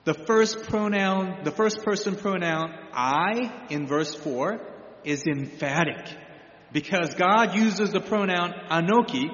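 A man delivers a teaching sermon from the pulpit in a somewhat higher register, stopping and restarting his phrases as he explains. The recording is dull and lo-fi, with a long reverb from a large, echoey room. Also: a bit bright. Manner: explanatory, halting with repeated restarts. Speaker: pastor. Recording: echoey hall, dull lo-fi sound.

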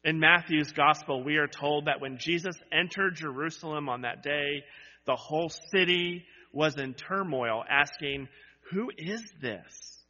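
A man's voice: a little high, moderate pace, sharp tone. A man pastor preaching a sermon to his congregation, building to emphatic repeated cries and dropping into conversational asides. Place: church sanctuary. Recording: dull sound with long church reverb.

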